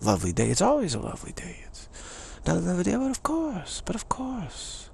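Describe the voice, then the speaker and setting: Give me a man playing a genteel British aristocrat, lilting and lively, slightly husky texture. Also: high-pitched, brisk, slight background noise, voice pushed up, heavily acted. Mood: breezy. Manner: genteel, soothing, dismissive of trouble. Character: unflappable upper-class British aristocrat man.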